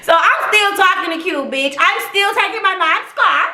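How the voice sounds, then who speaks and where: High bright-voiced woman telling a wild story. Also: normal speed. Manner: profane, animated, slangy. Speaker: live streamer telling a personal story. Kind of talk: casual storytelling to a live audience. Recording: echoey room.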